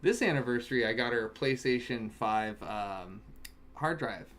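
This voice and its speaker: A man casually chatting on a home stream while opening card packs, breaking into excited shouts over good pulls. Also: medium pitch, moderate pace. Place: home, in Alaska. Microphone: webcam setup.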